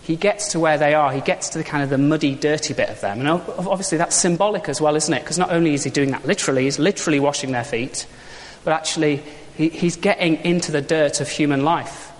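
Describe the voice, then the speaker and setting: A man's voice: a little high, quick pace. A man preaching an Easter sermon in a chatty, informal way, full of rhetorical questions. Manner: informal, conversational, uses props and rhetorical questions. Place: church. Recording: long church reverb.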